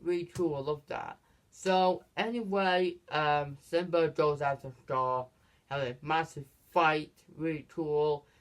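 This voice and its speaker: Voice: medium pitch, steady tone. A channel host retelling a film's plot in a casual, rambling way, stumbling and restarting, leaning on "basically" and "this is where". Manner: halting, frequent restarts and stumbles. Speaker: movie reviewer. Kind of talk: casual spoken movie review.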